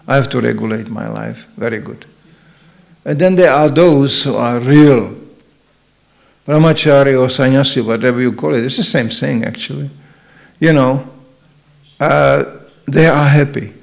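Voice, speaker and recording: A man's voice: mid-range voice, unhurried, vocal fry, long pauses. An older man teaching as a spiritual lecturer, giving a humorous sermon and acting out the voices he quotes. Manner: jokey, acts out quoted voices.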